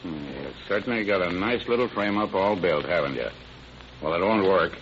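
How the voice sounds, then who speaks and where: A man's voice: low-pitched, animated, moderate pace, fairly bright tone, slight background noise. An actor playing a defiant male murder suspect who blusters and threatens, in 1940s radio acting. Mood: sneering. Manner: belligerent, sneering. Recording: muffled old radio broadcast.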